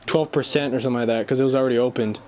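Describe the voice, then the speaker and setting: A man's voice: medium pitch, steady tone, racing, darkish tone. A young man angrily venting to a friend, swearing and rambling through a story. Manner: angry, profane, rambling storytelling. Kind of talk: casual rant on a call.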